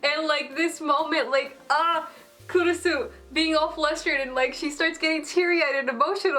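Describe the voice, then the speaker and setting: A young woman with a fairly high voice gushes through an anime episode review. She is excitable and casual, and she fills her sentences with "like" as she talks. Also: moderate pace. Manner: gushing, excitable, heavy use of "like".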